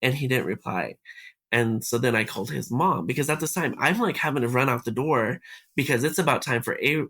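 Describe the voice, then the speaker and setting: A man's voice: mid-range voice, animated, fairly quick, pushed and bright, breathy edge. A man, a podcast guest, recounting what happened to him and acting out the conversations he had along the way. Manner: retells events by acting out quoted dialogue. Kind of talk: recounting a personal story in conversation.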